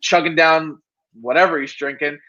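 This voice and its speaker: A man co-hosting a sports podcast in a high, bright, sharp voice. He sounds sarcastic and exasperated, and his audio comes through dull and lo-fi. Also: fairly even intonation, moderate pace. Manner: sarcastic, exasperated, rhetorical questions. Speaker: podcast co-host. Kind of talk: casual sports podcast chat.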